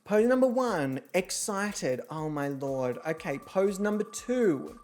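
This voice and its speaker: A woman hosting a game stream from home, chatty and excitable, swearing freely and chatting to her pets between rounds. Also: fairly low pitch, takes it slowly, faint music behind. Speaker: host of an online reality show game stream. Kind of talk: casual livestream chat.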